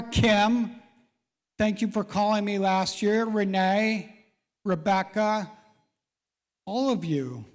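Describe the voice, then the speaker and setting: A man's voice: sits high, slow pace, long pauses. A middle-aged man hosting a live real estate event, folksy and encouraging as he calls out people in the audience by name. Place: large event hall. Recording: reverberant event hall.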